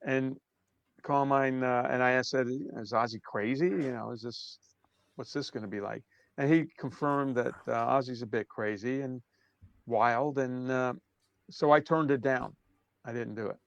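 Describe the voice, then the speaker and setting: A man in his sixties from Brooklyn with a New York accent, telling stories as an interview guest in a relaxed way that trails off softly. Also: mid-range voice, a little slow, creaky, dry recording, lo-fi sound. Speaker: drummer guest. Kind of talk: casual interview storytelling.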